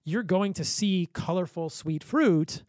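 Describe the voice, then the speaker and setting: A man's voice: high voice, unhurried, a little mellow, no room sound. A man guesting on a podcast as a physician, chatting casually and telling stories with frequent laughs. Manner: enthusiastic storyteller with frequent laughs.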